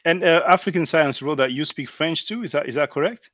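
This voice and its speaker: A man's voice: on the high side, a bit bright, no echo. A male host interviews a guest over a video call, asking curious questions and often restarting mid-phrase. His voice is dry and close. The audio is muffled and lo-fi. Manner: inquisitive, halting restarts.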